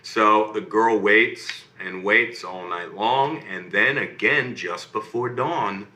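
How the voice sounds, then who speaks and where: A man telling a bedtime fairy tale to a child, animated and often checking in with "okay?" and "right?", recorded in an echoey room. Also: on the low side, takes it slowly. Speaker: storyteller reading to a child. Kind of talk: bedtime story narration. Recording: roomy echo.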